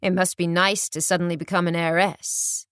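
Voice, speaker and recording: A woman voicing a sly, sarcastic young man who speaks in a lower, drawling, sneering voice. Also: little pitch movement, normal speed, a bit bright, clean tone, no echo, studio quality, lightly acted. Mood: mocking.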